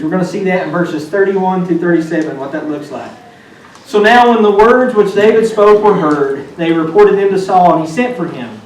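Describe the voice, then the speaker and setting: A man preaching a sermon as a student pastor, telling the story with lively, playful asides. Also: sits high, moderate pace. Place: church sanctuary. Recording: echoey room from far off.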